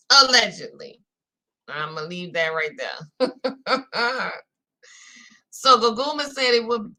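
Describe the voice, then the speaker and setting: A woman's voice: mid-range voice, sharp tone. A woman with a Louisiana accent hosting a casual recap chat, talking straight to her viewers. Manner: chatty, talks straight to viewers with "y'all". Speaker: host.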